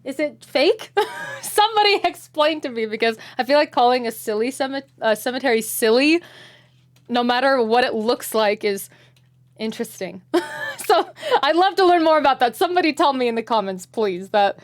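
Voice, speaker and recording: An American woman hosting a reaction video, chatting casually and asking curious questions out loud. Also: sits high, animated, moderate pace. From United States. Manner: curious, asks many questions aloud, laughs often.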